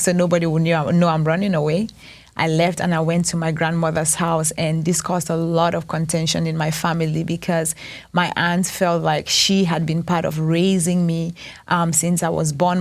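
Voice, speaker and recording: Earnest woman, low-pitched. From Cameroon. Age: 30s. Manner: earnest, reflective, unhurried. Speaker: interview guest. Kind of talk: personal testimony.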